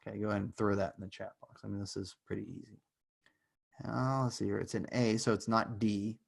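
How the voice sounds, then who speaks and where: A man's voice: fairly low pitch, flat delivery, brisk, gravelly, breathy edge. A male university lecturer giving an online class in a casual, joking way, rambling with fillers and asides.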